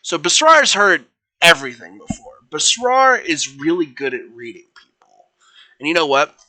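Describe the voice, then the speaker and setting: Bright-voiced young man telling fan fiction. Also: on the high side, sing-song, moderate pace, poor audio. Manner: rambling, with fillers and self-corrections; voices figures without putting on accents. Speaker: storyteller streaming fan fiction. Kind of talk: casual live stream narration.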